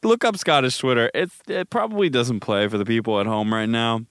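A man's voice: mid-range voice, brisk, a bit bright, no room sound, studio quality. A man chatting casually and animatedly, swearing freely as he reacts to online posts.

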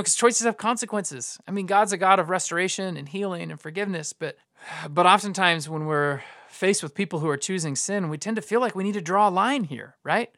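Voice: mid-range voice, fairly quick, fairly bright tone, dry recording. Informal preacher, dry close sound. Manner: informal, repeats and restarts words, acts out quoted lines. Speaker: pastor. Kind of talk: conversational sermon.

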